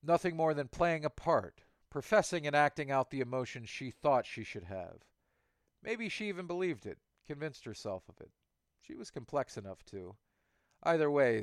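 A man's voice: medium pitch, expressive, normal speed, dry recording, natural voice. A man voicing a cold, contemptuous male hacker villain who lectures dismissively.

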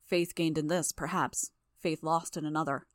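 A woman voicing a calm, formal male hero who calls himself a madman, speaking in a measured, polite way. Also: low voice, no room sound, studio quality, lightly acted. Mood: solemn.

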